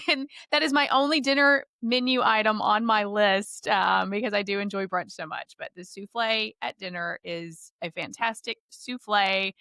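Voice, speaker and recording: Bright-voiced, enthusiastic woman podcaster. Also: a little high, dry recording, clean studio sound. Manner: enthusiastic, rambling, with restarts and laughs. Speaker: podcast co-host. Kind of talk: casual chat.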